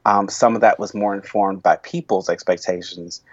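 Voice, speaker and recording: A man who is a worship leader speaking in an interview, thoughtful and halting, with frequent restarts and soft laughs. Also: on the low side, fairly even intonation, no echo, muffled recording. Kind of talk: reflective interview conversation.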